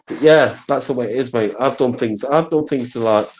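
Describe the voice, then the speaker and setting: Blunt man, swears freely, talks in loops, relaxed live-stream chat. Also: medium pitch, a little fast, rough recording. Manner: blunt, sweary, repeats himself. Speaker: guest on a live stream panel. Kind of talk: casual chat.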